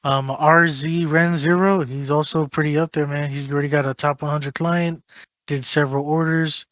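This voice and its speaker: A man's voice: a little high, fairly even intonation, moderate pace, a bit bright, dry recording, dull audio. A man hosting a casual podcast, ranting animatedly and swearing while giving advice. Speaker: podcast host.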